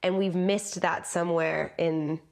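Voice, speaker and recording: A woman's voice: lowish voice, unhurried, vocal fry. A woman from the United States, a podcast guest talking conversationally and acting out quotes as she tells stories. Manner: animated storyteller who acts out quotes. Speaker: podcast guest, lived experience practitioner. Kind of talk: conversational interview.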